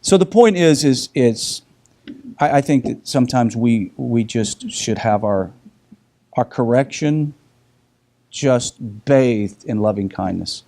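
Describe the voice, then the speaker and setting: A middle-aged man leads a relaxed group lesson, telling his stories with lots of energy and stopping often to restart a sentence. His voice is mellow and warm in tone, and it swings up high when he acts out a scene. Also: slow pace. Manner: animated storyteller with frequent restarts. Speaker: teacher. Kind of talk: casual group discussion.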